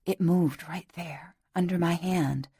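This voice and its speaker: A woman reading the part of a tender, insistent young husband, speaking low in a hushed, whispering voice. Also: normal speed.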